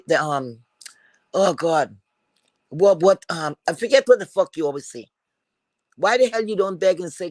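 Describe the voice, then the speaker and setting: Man, high voice, confrontational streamer rant, repetitive insults, dry sound. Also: lively intonation, a little slow, pauses often, dry recording, rough recording. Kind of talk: heated profane rant.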